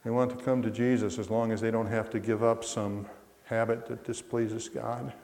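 A male pastor giving an Easter sermon, emphatic, swinging from quiet to loud. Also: on the low side, level tone, normal speed. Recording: echoey hall reverb.

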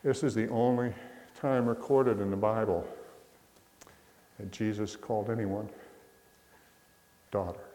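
A male pastor giving an Easter sermon, emphatic, swinging from quiet to loud. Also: lowish voice, fairly even intonation, measured pace, pauses often. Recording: echoey hall reverb.

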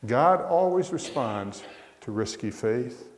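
A male pastor giving an Easter sermon, emphatic, swinging from quiet to loud. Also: mid-range voice, lively intonation, takes it slowly. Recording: echoey hall reverb.

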